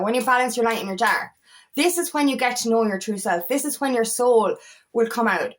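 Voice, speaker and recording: A woman's voice: on the high side, lively intonation, fairly quick. A woman with an Irish accent, an empowerment coach giving a casual motivational talk, emphatic and swearing freely.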